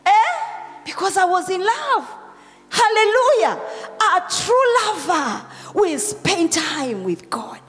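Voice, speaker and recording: A Kenyan woman pastor preaching a Sunday sermon, tearful and emotional, swinging between loud calls and whispered prayers. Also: very high-pitched, lively intonation, takes it slowly. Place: church hall. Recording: long hall reverb with faint music.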